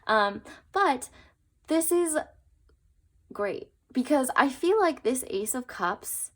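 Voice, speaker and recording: A woman's voice: high-pitched, animated, slow pace. A young woman giving a casual tarot reading to her viewers, chatty and earnest, with plenty of fillers and trailing asides. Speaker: tarot reader.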